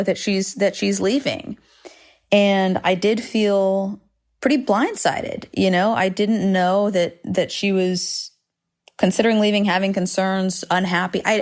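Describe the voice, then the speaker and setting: A woman in her thirties hosting a solo podcast, talking frankly and rambling with self-deprecating asides and swearing. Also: mid-range voice. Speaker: podcast host. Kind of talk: candid solo podcast monologue. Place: home recording space with planes overhead.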